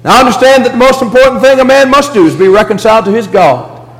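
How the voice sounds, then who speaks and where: A man preaching a sermon in a church, earnest, with a preacherly rise and fall that drops low for emphasis. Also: quick pace, big-room sound, rough recording.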